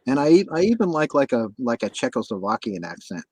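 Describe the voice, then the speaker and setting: A man hosting a casual chat on a livestream, talking in halting bursts full of false starts and repeats. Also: mid-range voice, big pitch swings, a little mellow, a little hiss or hum, rough recording. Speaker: host. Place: livestream call.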